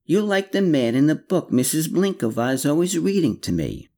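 Humble caretaker, simple gentle man, earnest plain talk, sing-song rises, narrator's voice. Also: on the high side, sing-song, moderate pace, pitched above the performer's own voice.

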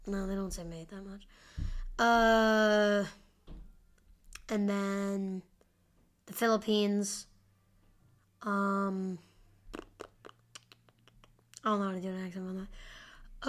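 A woman hosting a casual solo sports-prediction podcast, rambling and chatty with lots of fillers and asides, into a home mic turned up loud. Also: mid-range voice. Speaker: podcast host. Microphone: home podcast microphone with gain turned high.

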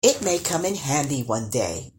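A woman's voice: rumbling low, very animated, normal speed, darkish tone, slight background noise, voice pushed down. A woman voicing a clever young peasant boy in a storybook, light and cheerful. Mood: plucky. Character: plucky young male peasant lad, clever and calm.

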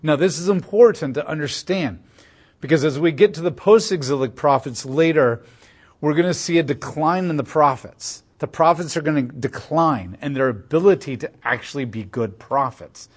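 A man with a slightly higher-than-average voice leads a verse-by-verse Bible lesson. He keeps it conversational and explanatory, dropping into quick playful voices to act out examples. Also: breathy edge. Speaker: Bible teacher.

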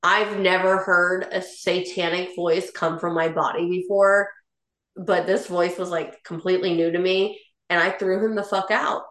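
A woman's voice: lowish voice, fairly even intonation, unhurried, a bit bright, roomy sound. A woman telling a heated personal story in a rambling way, full of "like" fillers and upset. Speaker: guest sharing a personal story. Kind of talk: emotional personal account.

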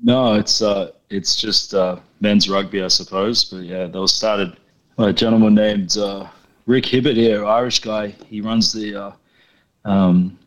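Easygoing low-voiced man. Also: steady tone, unhurried. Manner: easygoing, laughs, says mate often. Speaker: guest calling in. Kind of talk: casual chat on a call.

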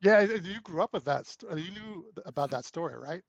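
Gravelly man telling lively stories. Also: high voice, brisk, no room sound, muffled recording. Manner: animated storyteller who acts out quoted lines. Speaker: actor guest. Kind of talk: casual anecdote telling.

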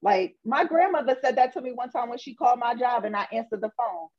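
A woman guest in casual chat, plain-spoken and quick. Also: a little high. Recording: dull lo-fi audio.

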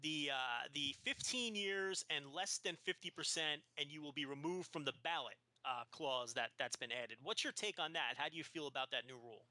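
A man hosting a podcast asks his guest a question in a methodical, measured way. His voice sits fairly high and sounds very bright and forceful. The recording is dry and close. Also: lively intonation, no room sound. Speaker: podcast host.

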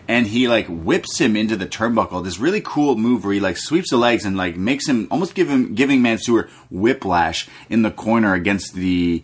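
Laid-back, swearing young man, low voice. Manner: laid-back, profane, jokey, mimics people. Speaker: podcast co-host. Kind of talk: casual chat recapping wrestling.

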